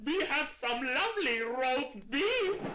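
A man voicing a loud, excitable delicatessen keeper who shouts so his deaf customer can hear, in a storybook reading. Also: very high-pitched, slow, slight background noise, voice pushed up, exaggerated voice. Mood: shouting. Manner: shouting, bellowing.

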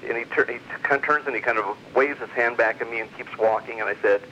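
A man's voice: mid-range voice, quick pace, sharp tone. A middle-aged man telling a long personal story in a casual, rambling way, with many fillers and restarts. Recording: muffled lo-fi recording, faint hiss.

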